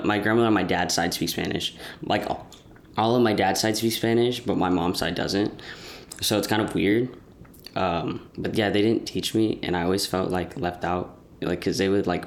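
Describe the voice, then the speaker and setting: A man's voice: low-pitched, gravelly. A young man chatting casually as a podcast host, rambling with lots of restarts and fillers. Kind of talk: casual chat.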